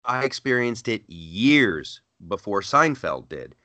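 Middle-aged comedian guy, animated storyteller, tripping over his first words, crisp bright tone. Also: on the low side, takes it slowly, dry recording. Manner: animated, repeats words when starting sentences. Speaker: stand-up comedian guest. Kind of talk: casual interview storytelling.

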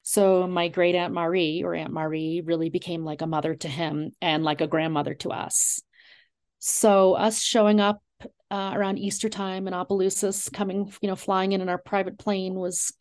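A middle-aged woman, an author being interviewed, telling family memories in a warm, digressive way with many fillers. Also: lowish voice, little pitch movement, moderate pace. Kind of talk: reflective storytelling.

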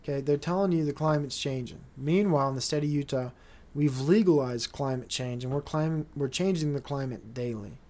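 A young man hosting a solo podcast, telling stories in a loose, excitable way, swearing often and laughing between lines. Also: mid-range voice, a little fast. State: dry mouth. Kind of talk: casual solo monologue.

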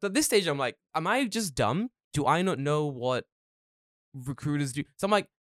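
A man co-hosting a casual podcast, telling animated stories, swearing freely and acting out other people's voices. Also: fairly high pitch, fairly quick, dry recording, studio quality. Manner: animated storytelling, swears a lot, mimics people. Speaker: podcast co-host.

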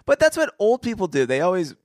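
A man's voice: high-pitched, huge pitch swings, fast talker, no room sound, studio quality. A man chatting on a podcast, joking and riffing on his co-host's lines. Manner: jokey, laughs often, riffs on the other's lines. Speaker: podcast co-host. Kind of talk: casual chat.

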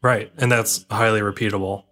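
A man's voice: fairly low pitch, steady tone, fairly quick, fairly bright tone. Laid-back man chatting and laughing. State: burping from foamy beer. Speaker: podcast co-host. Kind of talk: casual chat.

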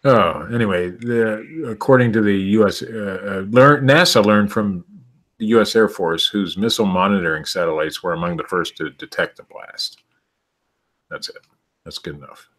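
A man with a low voice reads strange news stories to his co-hosts. He halts and restarts often and keeps breaking into laughter as he reads. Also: fairly bright tone. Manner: reads stories haltingly, laughing through them. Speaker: podcast co-host reading news stories. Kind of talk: casual chat reading news aloud.

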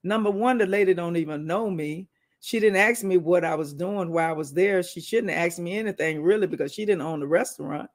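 Speaking quickly in a lowish voice, a woman minister presents her weekly wisdom segment. The talk is conversational and preaching-style, with personal stories and direct calls to her listeners.

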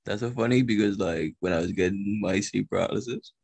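Male co-host, very low voice but lively, dry close recording, laid-back rambler. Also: fairly quick, gravelly, breathy edge, dry recording. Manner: relaxed, filler-heavy talk with laughs. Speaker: podcast co-host. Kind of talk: casual chat.

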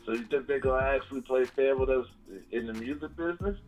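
A man's voice: mid-range voice, fast, muffled recording, soft background music. A man, a DJ and producer from Long Island, telling stories in a casual, slangy interview and acting out the lines of the people in them. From Long Island, New York. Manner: slangy, laid-back storytelling, acting out others' lines.

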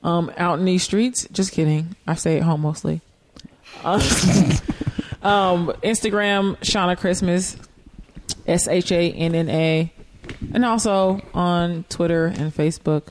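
A woman's voice: fairly low pitch, takes it slowly, noisy background. A woman who is a stand-up comedian, a guest on a comedy podcast, trading brash, profane quips and laughing through her jokes. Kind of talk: casual comedy podcast banter.

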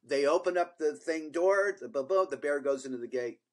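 With a slightly high voice and a somewhat quick pace, this older podcast co-host rambles through long stories in a relaxed chat. He's an animated storyteller who leans heavily on fillers.

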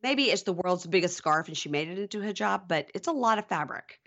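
Low-voiced woman, lively gossip recap. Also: quick pace, lo-fi sound. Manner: acts out quotes with lively pitch jumps. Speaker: podcast co-host. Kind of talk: casual recap chat.

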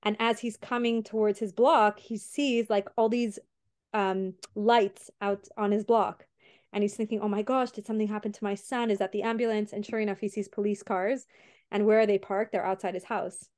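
A young woman tells a story on her podcast in a casual, rambling way. She fills her sentences with likes and you knows and keeps restarting them. Her pitch sits in the middle for a woman. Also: steady tone, moderate pace, a little mellow. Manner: rambling, filler-heavy retelling with many restarts. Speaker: podcast host.

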